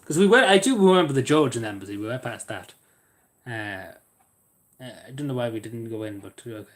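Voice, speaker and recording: An expressive man with a mid-range voice speaks fairly quickly in casual live-stream chat. He jokes and rambles, often trailing off quietly at the close of sentences.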